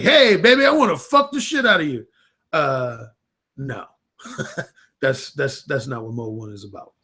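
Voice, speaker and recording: A man, a dating coach, talking casually and frankly into a livestream webcam, with plenty of blunt, profane language. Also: medium pitch. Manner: frank, unfiltered, profane talk.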